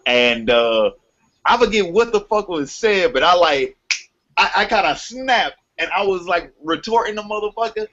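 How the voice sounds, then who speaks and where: A man with a New Orleans accent telling a profane, animated story in a casual group call. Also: high voice, moderate pace, highs cut off. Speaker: hangout participant. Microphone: video call.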